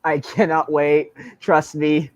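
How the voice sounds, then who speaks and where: A man's voice: on the high side, monotone, takes it slowly, no echo, dull audio. A man hosting a livestream in casual chat, eager and repeating himself often. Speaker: livestream host.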